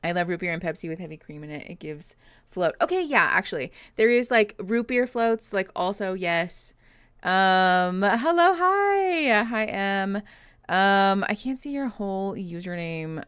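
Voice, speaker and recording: A woman's voice: mid-range voice, expressive, unhurried, fairly bright tone, smooth, no echo, clean studio sound. A young adult woman, a therapist, chatting casually on a livestream, reading comments and greeting viewers, tired and yawning, laughing often. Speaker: therapist streaming reactions.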